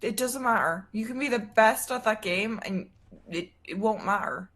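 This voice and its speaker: A woman's voice: medium pitch, moderate pace, fairly bright tone. A woman, chatting as a guest on a livestream in a blunt, teasing way and swearing freely. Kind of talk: casual chat on a livestream.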